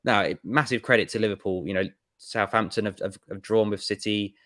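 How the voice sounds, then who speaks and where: A man talking football in casual podcast chat, with a halting, filler-heavy delivery. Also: fairly low pitch, steady tone, a bit bright, no echo, studio quality. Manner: hesitant, many restarts and fillers.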